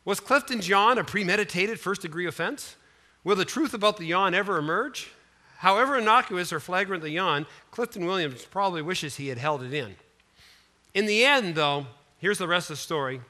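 A male pastor delivering a sermon, telling stories in an animated way with conversational asides to the congregation. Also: high-pitched, fairly quick. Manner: animated storytelling, voice rising and falling for emphasis.

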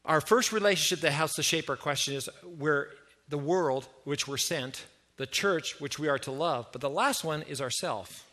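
A middle-aged Canadian man preaching a sermon as pastor, lively and conversational, often putting questions to his congregation. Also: a little high, normal speed.

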